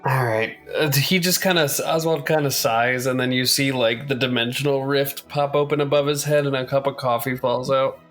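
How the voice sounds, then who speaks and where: A man playing in a tabletop game, dry and laid-back. His voice sits at a mid pitch. Faint music plays behind him. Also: steady tone, normal speed, few pauses, a bit bright. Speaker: player. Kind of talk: casual tabletop play.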